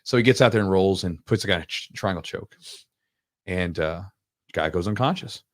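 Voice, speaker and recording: Lively storytelling man on a podcast. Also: low voice, dry recording, studio quality. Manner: animated storyteller, quick, acts out quotes. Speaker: podcast host, jiu-jitsu coach. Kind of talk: casual storytelling chat.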